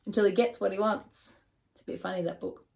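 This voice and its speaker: Aussie lady reading picture books to kids, lively, keeps asking questions. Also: medium pitch, fast, gravelly. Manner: animated, asks the listening children questions. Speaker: children's storyteller.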